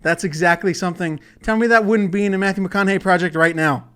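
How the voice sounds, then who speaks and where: Rambling and profane, this solo comedy podcast host keeps interrupting his own thoughts. His voice is high, quick, a bit bright, and smooth.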